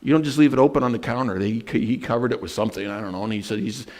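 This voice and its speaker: A man preaching a sermon as pastor, telling personal stories in an earnest way and slowing down to stress scripture. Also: mid-range voice, darkish tone. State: emotional at moments.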